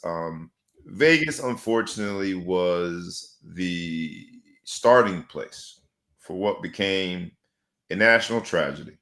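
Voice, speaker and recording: A man's voice: sits low, a bit bright. A man hosting a sports talk show, theatrical and rhyming with big swings in emphasis. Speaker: host. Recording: echoey room.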